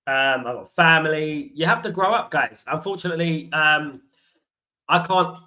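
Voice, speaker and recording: A man hosts a football watchalong stream, rambling through stories and calling his viewers guys and mate. His voice is bright and sits slightly high, with a loose, casual chat style. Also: moderate pace, rough recording. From London. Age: 40s. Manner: chatty storytelling, addresses viewers as guys and mate. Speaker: host of a football fan watchalong.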